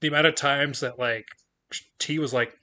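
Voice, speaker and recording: Speaking at normal speed in a medium-pitched, bright, forceful voice with fairly even intonation, a man runs a game as its master. His casual talk is loose, filler-heavy with "like," and punctuated by laughs before he shifts into narrating the scene for the players.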